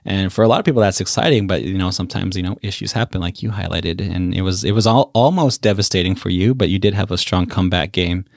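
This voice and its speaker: Podcast host, man, very deep voice, dry close sound, reflective and supportive. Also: fast talker, gravelly, hardly any pauses, dry recording. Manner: reflective, supportive, many fillers and restarts. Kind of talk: casual podcast interview.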